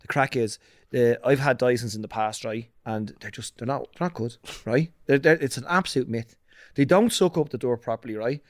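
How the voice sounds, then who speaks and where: A man's voice: medium pitch, brisk, dry recording, studio quality. A man, co-hosting a podcast in casual chat, telling rambling stories full of swearing. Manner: rambling, swearing, animated storytelling. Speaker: podcast co-host.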